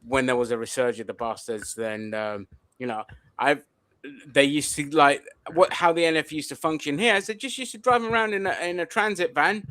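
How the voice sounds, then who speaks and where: A man with a slightly raised pitch talks bluntly in a casual political discussion and swears freely. His voice sits close and dry on the mic, with no room sound. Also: fairly even intonation, a little fast, a bit bright, no room sound.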